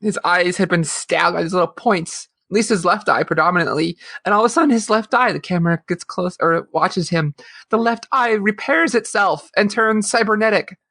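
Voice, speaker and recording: Animated woman recapping a TV episode. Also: fairly low pitch, normal speed. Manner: animated storytelling, laughs often. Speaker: podcast co-host. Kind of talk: casual chat, recapping a TV episode.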